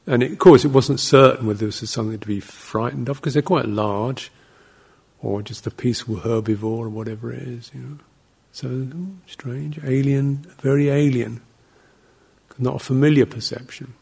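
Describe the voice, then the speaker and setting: A man, a Buddhist monk, giving an informal dharma talk in a rambling, anecdotal way, breaking into soft laughs and short acted-out exclamations. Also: medium pitch, steady tone, normal speed, vocal fry, breathy edge. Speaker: Buddhist monk teaching meditation.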